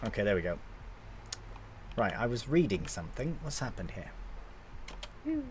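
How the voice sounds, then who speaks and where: A man's voice: on the low side, very animated, normal speed, background noise. A young man casually commentating his gameplay on a live stream, chatting to viewers and swearing now and then.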